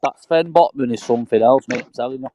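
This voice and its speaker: A man in casual football banter, excited and swearing often. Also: mid-range voice, fast.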